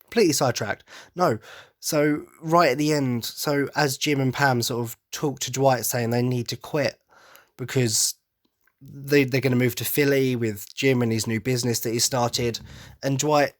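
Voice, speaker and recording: Man, podcast host, casual monologue, rambling, enthusiastic, self-correcting, mid pitch. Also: fairly even intonation, moderate pace.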